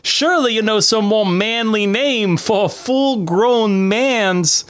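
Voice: mid-range voice, takes it slowly, natural voice. A comedy podcast reader voicing a scornful Victorian young woman, mock-scolding a friend.

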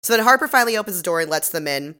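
A woman's voice: on the low side, expressive, very fast, sharp tone. A woman co-hosting a podcast, recapping a TV episode in casual chat, laughing often and acting out the characters' lines. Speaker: podcast co-host.

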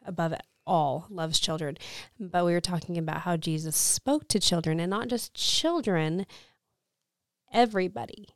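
A woman in her thirties with a smooth, resonant voice, heard close and dry. She tells her story earnestly, and she is easily moved as she speaks. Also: on the low side, normal speed, no echo. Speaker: podcast co-host. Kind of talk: faith podcast chat.

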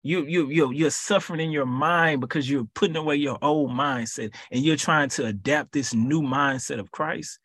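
A man leading a podcast Bible study who preaches in a lively, colloquial way and repeats his phrases for emphasis. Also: on the high side, moderate pace, hardly any pauses, no echo.

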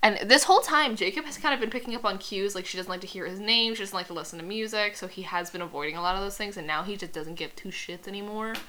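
A woman's voice: medium pitch, fast, hardly any pauses, bright, forceful tone, slight background noise. A young woman co-hosting a casual podcast, retelling a story in a blunt, sarcastic way with plenty of swearing. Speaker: podcast co-host. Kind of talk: casual chat.

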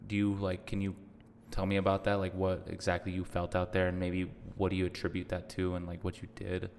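A man hosting a podcast in a casual, slangy chat, gently prompting his guest with questions. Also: sits low, completely flat delivery, a little fast, gravelly, in a large hall, a little hiss or hum. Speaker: podcast host. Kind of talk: casual conversational interview.

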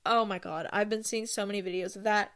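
A woman hosting her own podcast, rambling through casual stories with self-deprecating asides and bursts of excitement. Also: mid-range voice, fast talker. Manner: gushes with excitement. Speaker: podcast host. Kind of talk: casual solo podcast chat.

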